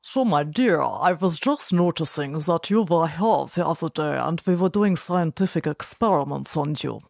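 A woman voicing an eccentric male mad scientist who speaks in a hushed, half-whispered voice. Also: low voice, animated, moderate pace, vocal fry, dry recording, clean studio sound, exaggerated voice. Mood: sinister, prying.

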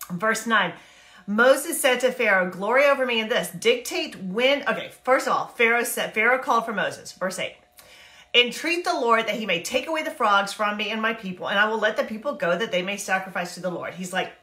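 A woman giving a casual, animated Bible talk, chatty and acting out characters in quick asides. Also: mid-range voice, reverberant. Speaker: Bible teacher and life coach. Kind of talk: casual Bible teaching to camera.

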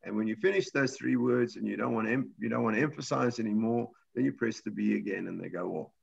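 A man's voice: on the low side, fast talker, gravelly, husky, dull audio. A man teaching a computer class, explaining step by step in a patient way with frequent restarts. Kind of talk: live class lesson.

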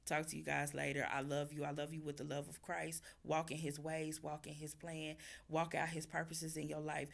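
A woman, hoarse from losing her voice, talking fervently to her viewers about faith and repeating phrases like a preacher. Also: low-pitched, level tone, normal speed, few pauses. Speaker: vlogger. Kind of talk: casual faith talk to viewers.

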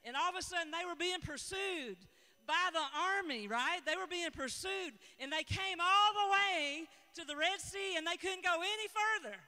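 A woman, preaching and praying aloud, rambling and self-correcting, breaking into excited whoops. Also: very high-pitched, normal speed, long reverb tail. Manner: exuberant, bursts into whoops of excitement. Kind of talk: sermon and spoken prayer. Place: church sanctuary.

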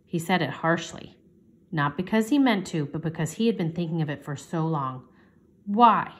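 Low-voiced woman reading a storybook aloud. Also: expressive, fairly quick.

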